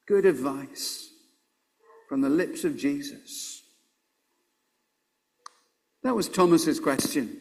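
A middle-aged male preacher with a fairly high voice delivers a sermon. He speaks slowly and earnestly and leaves measured pauses between his phrases. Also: vocal fry.

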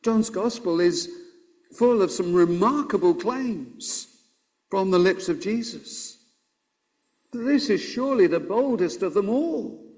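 A middle-aged man preaching a sermon in an earnest, measured way, pausing between phrases. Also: high-pitched, animated, a little mellow.

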